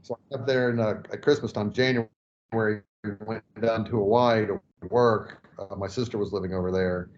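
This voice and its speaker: A man's voice: lowish voice, fairly even intonation, normal speed, darkish tone, slight background noise. A man hosting a casual podcast interview, talking in a rambling, conversational way. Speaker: podcast host. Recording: dull lo-fi audio.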